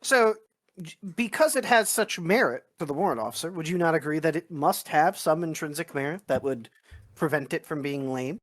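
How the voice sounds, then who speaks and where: A man's voice: fairly high pitch, animated, moderate pace. A man voicing a stern political officer who lectures in a formal, pedantic way, his voice rising and falling widely as he argues. He treats every exchange in the tabletop role-play as a debate about consensus and doctrine. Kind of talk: in-character role-play chat.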